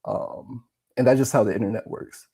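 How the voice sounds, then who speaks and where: A man's voice: mid-range voice, steady tone, moderate pace, dark tone, husky. A male caller wrapping up his points in a casual, supportive way, with lots of filler words. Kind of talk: casual call-in discussion.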